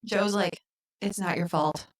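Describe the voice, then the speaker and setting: Animated woman recapping a movie. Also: medium pitch, a little slow. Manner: animated retelling, acts out quotes. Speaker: podcast co-host. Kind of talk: casual movie recap chat.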